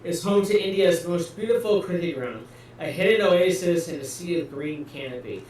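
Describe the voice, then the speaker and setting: A man's voice: a little high, expressive, darkish tone, slight background noise. Casting: male co-host, easygoing, picked up far off in a very echoey room. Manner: quick to laugh, stumbles over names. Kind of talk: casual news recap chat. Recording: very roomy, distant from mic.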